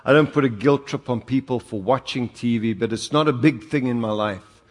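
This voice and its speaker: Older South African male preacher, mid-pitched voice, anecdotal and punchy, echoing hall. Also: normal speed. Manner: storytelling with humor, rising to emphatic exhortation. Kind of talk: sermon. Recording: long hall reverb.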